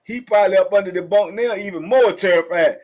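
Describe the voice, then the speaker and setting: A middle-aged man telling a prison story in a casual, animated way, full of slang and talking straight to his listeners. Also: high-pitched, fast.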